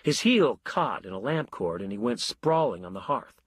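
A man narrating a story in a wry, measured way. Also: mid-range voice, big pitch swings, husky, dry recording.

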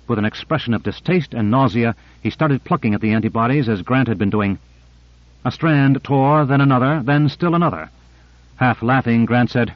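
This is scripted narration from a man reading an audiobook, steady and measured in delivery. His pitch is medium, captured in flat, dry audio.

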